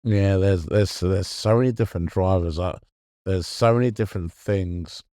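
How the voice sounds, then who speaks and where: A middle-aged man in casual chat as a podcast co-host, earnest and halting, often restarting his sentences. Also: deep voice, very noisy.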